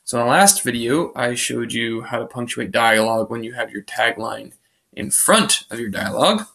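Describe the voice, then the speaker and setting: A male teacher talks through a grammar lesson in a screencast, recorded on a computer microphone. His voice is bright and forward, set at an ordinary middle pitch. He explains patiently, restating each rule as he goes. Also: lively intonation, normal speed, creaky. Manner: patient, explanatory, recapping rules step by step.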